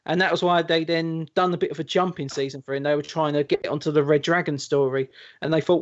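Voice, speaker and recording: A man's voice: on the high side, fairly even intonation, quick pace. Guy rambling on a geek podcast, lots of ums, muffled lo-fi mic. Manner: rambling, explaining with filler words. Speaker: podcast co-host. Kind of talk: casual chat.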